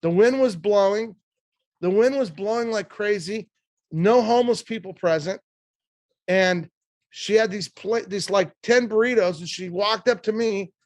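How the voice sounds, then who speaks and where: A man in his sixties with a fairly high voice tells a personal story as a podcast guest. He is animated and quick, and he often restarts his sentences. The sound is dry, with no room around it. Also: no echo.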